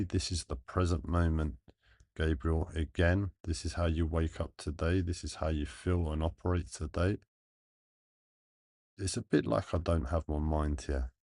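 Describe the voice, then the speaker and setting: A man with a deep, low-pitched voice speaks slowly and earnestly to his livestream viewers. He thinks aloud in halting phrases, pausing and restarting often. The sound is dry and close, with no room echo. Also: fairly even intonation, a little mellow. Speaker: live streamer.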